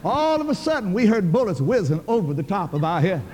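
A man's voice: high voice, very animated, brisk, a little mellow, long reverb tail, slight background noise. An older man preaching a sermon, telling a story in a folksy, emphatic, colloquial way.

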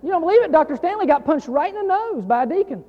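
A male pastor preaching a sermon, emphatic and repetitive, building louder on key lines. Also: very high voice, big pitch swings, fast talker. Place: church sanctuary. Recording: dull sound in a long reverberant hall.

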